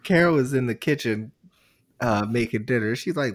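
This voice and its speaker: A man's voice: mid-range voice, moderate pace. A man co-hosting a podcast, retelling events in a rambling, giggly way. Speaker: podcast co-host. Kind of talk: casual wrestling chat.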